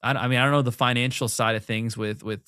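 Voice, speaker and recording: A man's voice: medium pitch, steady tone, pushed and bright, smooth, dry recording, studio quality. A man co-hosting a casual motocross talk show, asking pointed questions and weighing things up. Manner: curious, questioning, measured. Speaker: show co-host.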